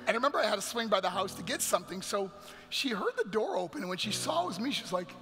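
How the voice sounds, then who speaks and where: In a church sanctuary, a male guest speaker gives an earnest, emotional motivational talk in a high, expressive voice that comes out rapid-fire. Long hall reverb and faint music fill the recording.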